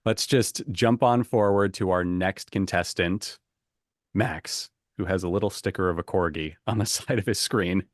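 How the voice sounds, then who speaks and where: A man hosting a podcast quiz game, chatty and quick to laugh as he reads out the options. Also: low-pitched, no echo, studio quality. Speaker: quiz host.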